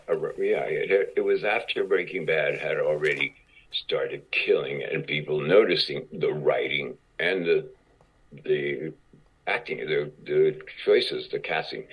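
A man with a very low, husky voice tells stories at a slow, halting pace, repeating himself and acting out what others said. The recording sounds dull and lo-fi. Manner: halting, repeats words, acts out quotes. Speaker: actor guest. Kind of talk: casual storytelling interview. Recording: dull lo-fi audio.

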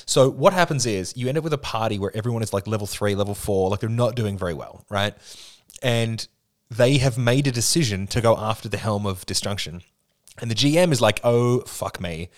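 A man's voice: fairly low pitch, brisk. A man in casual podcast chat who talks with enthusiasm, explains things at length and swears freely.

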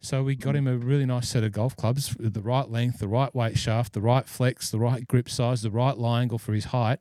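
A man's voice: medium pitch, fairly even intonation, normal speed, warm tone, no room sound. Chatty man, dry close sound. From Scotland. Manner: rambling, chatty storytelling with many fillers. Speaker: podcast host and golf club fitter. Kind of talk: casual podcast chat.

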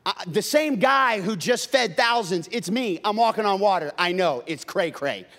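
A man voicing a reassuring divine figure, speaking emphatically and a bit louder than his own talk. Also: high-pitched, animated, normal speed, pitched above the performer's own voice. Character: calm, reassuring adult male divine figure.

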